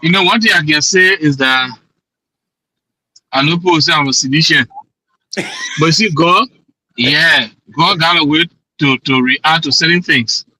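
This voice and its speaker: Man, Liberian English accent, caller on a political talk show, piercingly bright voice, dry close sound, impassioned and repetitive. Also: a little high, measured pace, long pauses, dry recording, rough recording. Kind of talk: heated political commentary.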